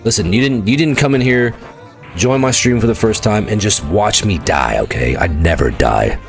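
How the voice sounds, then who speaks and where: A man streaming an online game live, reacting loudly, swearing freely and chatting with his viewers. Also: fairly low pitch, moderate pace, vocal fry, faint music behind. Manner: excitable, swears, talks to chat viewers. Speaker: livestreaming gamer. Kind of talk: casual live gameplay commentary.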